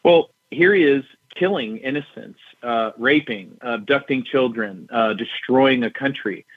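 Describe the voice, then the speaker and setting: Middle-aged retired general, husky voice, calm emphatic talk, heard over a narrow phone line. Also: male voice, medium pitch, a little slow, dry recording. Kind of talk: political talk show interview.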